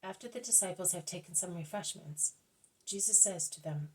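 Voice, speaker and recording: A woman reading a devotional book aloud at a careful, measured pace, now and then correcting herself. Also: on the low side, darkish tone, rough recording. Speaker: audiobook reader.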